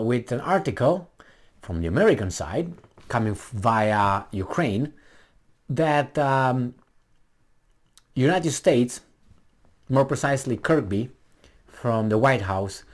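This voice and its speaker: A man hosting a commentary video, reading a news article aloud and mocking it with sarcasm and swearing. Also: medium pitch. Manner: animated, sarcastic, swears and mocks the article's author. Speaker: political commentary video host.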